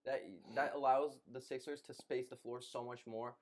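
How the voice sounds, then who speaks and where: A man's voice: medium pitch, little pitch movement, normal speed. A young man co-hosting a casual podcast, arguing a basketball point and repeating phrases. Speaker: podcast co-host. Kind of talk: casual sports debate.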